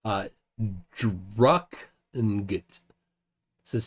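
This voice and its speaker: Halting, slow-talking male streamer. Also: mid-range voice, lively intonation. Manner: halting, stammering repeats, chuckles between thoughts. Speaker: livestream host. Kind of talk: casual live chat reading viewer comments.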